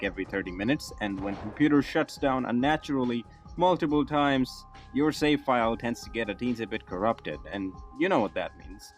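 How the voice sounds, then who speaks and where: A young man giving a joking, sarcastic game commentary voice-over full of swearing and puns. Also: on the low side. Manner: sarcastic, profane, pun-loving. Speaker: gaming YouTuber.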